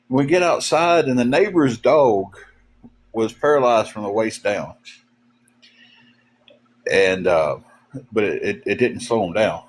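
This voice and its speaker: A man, co-hosting a casual livestream, telling folksy, rambling stories full of fillers and sounding a bit tired. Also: mid-range voice. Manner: drawn-out, tired. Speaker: livestream co-host. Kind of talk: casual livestream chat, storytelling.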